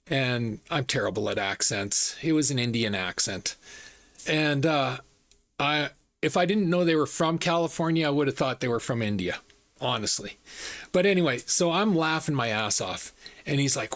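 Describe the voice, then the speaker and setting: A man's voice: medium pitch, animated, moderate pace, a bit bright. A man hosting a reaction channel, telling a personal story in a chatty, rambling way and laughing at it. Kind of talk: casual storytelling monologue.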